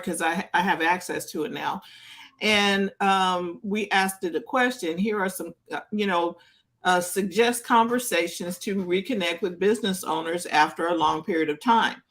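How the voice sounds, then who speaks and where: A woman's voice: on the low side, moderate pace, fairly bright tone. A woman co-hosting a casual business chat, reading out viewer comments and chatting with some hesitation. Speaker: co-host. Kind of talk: casual live-stream chat.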